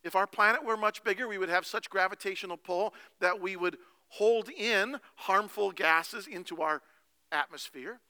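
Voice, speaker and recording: A male pastor giving a sermon with animated storytelling and slow, emphatic phrases. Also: high-pitched, clear, resonant tone, no room sound.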